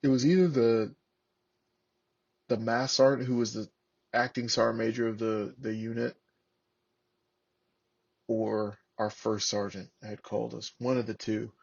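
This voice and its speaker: A man's voice: medium pitch, a little slow, vocal fry, long pauses. Profane ex-Marine man telling stories. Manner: profane, animated, acts out shouted quotes. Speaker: podcast guest, former Marine. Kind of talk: casual storytelling. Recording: lo-fi podcast audio.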